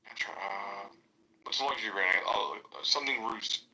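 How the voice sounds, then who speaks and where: A man's voice: moderate pace, pushed and bright, rough recording. An American man telling stories in a casual podcast chat, profane and loose, with many fillers. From United States. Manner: profane, storytelling, jumps high to mimic others. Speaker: podcast co-host.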